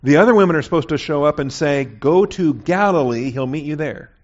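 A man teaches a Bible lesson verse by verse in a relaxed, conversational way. He keeps pausing to check that his listeners follow. The recording sounds dull and lo-fi. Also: on the high side. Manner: conversational, checks in with "okay?" often.

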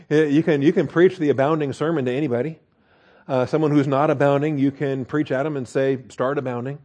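Here an American man with a fairly high-pitched, dark-toned voice teaches the Bible verse by verse in a relaxed, chatty way, peppered with fillers, restarts, and "okay?" checks.

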